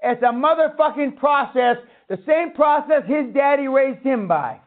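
A man's voice: very high-pitched, expressive, moderate pace. A man giving a seminar talk, blunt and foul-mouthed, ranting at his audience. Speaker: seminar speaker. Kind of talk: profane motivational lecture. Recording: tinny phone-like sound.

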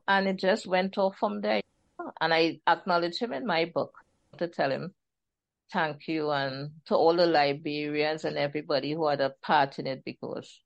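A woman's voice: deep voice, vocal fry. Chatty Trinidadian woman author. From Trinidad and Tobago. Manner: chatty, animated storyteller, laughs often. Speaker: author guest. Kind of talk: casual interview chat.

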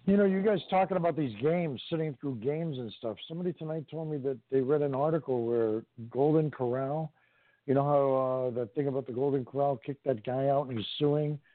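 A man's voice: medium pitch, fairly quick, no room sound. A man co-hosting a talk show, casually retelling a news item in a rambling way. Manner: rambling, fillers and restarts while retelling news. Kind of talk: casual chat. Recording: tinny phone line.

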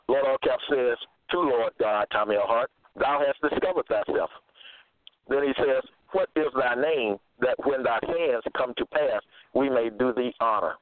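A man delivering a self-made religious monologue. He cites scripture references and pauses to search for verses. He repeats his points insistently. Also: mid-range voice, dry recording. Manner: halting, searching for verses aloud; repetitive, insistent. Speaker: preacher. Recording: narrow phone-like sound, dry.

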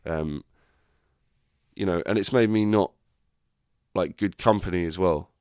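A man's voice: deep voice, a little slow, a little mellow, no room sound, studio quality. A young man hosting a podcast, talking candidly and rambling in a casual reflective monologue, swearing freely. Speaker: podcast host.

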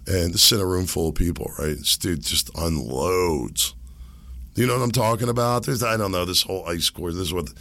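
Middle-aged male podcast host, low and gravelly, hoarse from illness, rambling and self-amused, dry close mic. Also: normal speed, pushed and bright, dry recording. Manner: rambling, self-amused, laughs at own jokes. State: hoarse, sick voice. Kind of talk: casual solo podcast monologue. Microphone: desk microphone.

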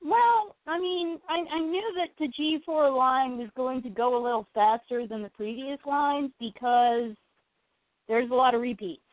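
Woman co-host, sleepy, yawning, fairly high voice, phone-quality audio. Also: fairly even intonation, measured pace, dry recording. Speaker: co-host of a toy collecting show. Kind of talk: casual chat.

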